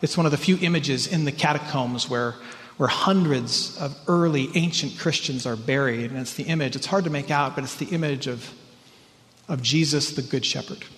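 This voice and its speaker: A man preaching a sermon as pastor, earnest and emphatic, sometimes rising in pitch and sometimes dropping to a hush. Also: normal speed. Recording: church hall reverb.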